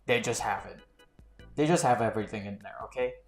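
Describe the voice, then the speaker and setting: A man's voice: fairly low pitch, fairly quick. A young man tells job stories in a loose, exasperated rant. He swears freely, and his voice keeps climbing into heated outbursts. The room is echoey, with faint music underneath. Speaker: storytime vlogger. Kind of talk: casual storytelling rant. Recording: roomy echo with faint music.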